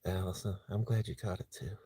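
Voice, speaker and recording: A vlogger chats casually on a live stream from inside his truck at night, rambling and relaxed, slightly out of breath and sometimes dropping to a whisper. His voice sits low, fairly quick and slightly rough, with no echo.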